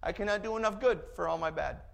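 Quiet old filipino guy, broken english, a bit higher, as a preacher puts him on. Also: fast, vocal fry. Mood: earnest. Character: elderly Filipino ex-bodyguard, quiet and shy.

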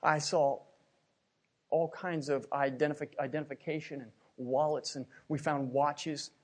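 A middle-aged preacher from Pennsylvania delivers an emotional sermon in a slightly high voice. He repeats words as he tells his story. His delivery swings between hushed and loud. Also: steady tone, a little slow.

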